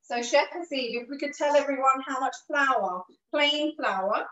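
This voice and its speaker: A woman's voice: sits high, unhurried, few pauses, fairly bright tone, echoey room, far from the mic, muffled recording. A woman teaching a live online cooking class, giving patient, encouraging step-by-step instructions, with a cough and a bit of throat trouble. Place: kitchen.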